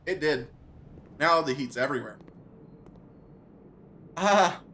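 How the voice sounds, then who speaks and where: A man's voice: fairly high pitch, expressive, a little slow, fairly bright tone, a little hiss or hum. A male streamer in pain from hot sauce, groaning, yelping and repeating himself with watering eyes. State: eyes watering, mouth burning. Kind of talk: live game stream chat.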